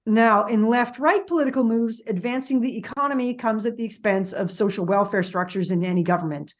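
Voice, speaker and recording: A woman's voice: on the high side, fairly quick. A woman hosting a podcast, recapping a TV series in casual, opinionated chat, full of "like" and "um". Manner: chatty and opinionated, with frequent "like" and "um". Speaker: podcast host.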